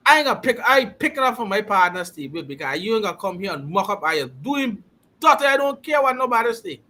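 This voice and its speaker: A man's voice: high-pitched, sing-song, fast talker, pushed and bright. A man co-hosting a casual football talk show, arguing his point in a heated, emphatic, playfully argumentative way. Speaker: podcast co-host.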